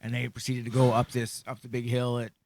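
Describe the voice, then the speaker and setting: A man's voice: mid-range voice, completely flat delivery, a little fast, creaky, a little mellow, dry recording. Blunt, joking man on a podcast. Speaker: podcast co-host. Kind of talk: casual chat.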